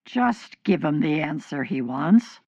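A woman's voice: low-pitched, lively intonation, slow pace, dark tone, no room sound, highs cut off, pitched below the performer's own voice, heavily acted. A woman doing a curt, dismissive king's sister. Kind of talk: audio drama acting.

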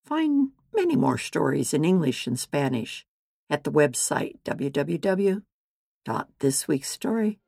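A woman narrating a Bible story in a measured, deliberate scripted reading. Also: low voice, sing-song, creaky, dark tone, dry recording.

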